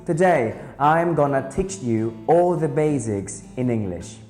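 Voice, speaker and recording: A man teaching beginner English, speaking slowly and carefully and repeating each phrase for drilling. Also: medium pitch, lively intonation. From Vietnam. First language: Vietnamese. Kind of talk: beginner language lesson. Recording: roomy reverberant sound with soft guitar music.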